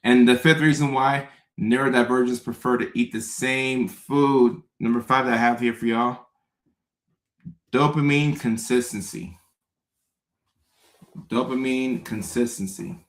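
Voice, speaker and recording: A man's voice: mid-range voice, flat delivery, normal speed. A man hosting his own show, talking casually to his audience in a rambling way, repeating himself and making self-mocking asides. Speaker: show host. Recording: roomy echoey room.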